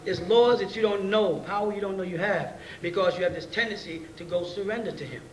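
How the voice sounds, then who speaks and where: Man, high voice, slangy lecturer quizzing his class; distant, roomy 90s tape with faint hiss. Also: fairly quick. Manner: conversational, keeps checking in with rhetorical questions; blunt street slang and profanity. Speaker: teacher leading a class. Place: class meeting room.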